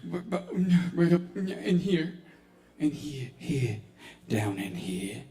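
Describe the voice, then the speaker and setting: A man voicing a shy, nervous bookstore clerk who stammers softly and timidly. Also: mid-range voice, big pitch swings, slow pace, crowd noise. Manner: stammering, timid, soft-spoken.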